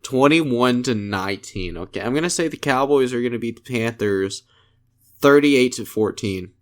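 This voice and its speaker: A man's voice: mid-range voice, lively intonation, normal speed. A man co-hosting a casual sports podcast, laughing often and swearing casually. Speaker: podcast co-host.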